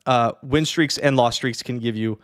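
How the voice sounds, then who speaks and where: A man casually explaining a strategy game to beginners in a chatty, lively way, with many fillers and the odd yawn. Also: medium pitch, moderate pace. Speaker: streamer teaching a strategy game. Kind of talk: casual tutorial talk.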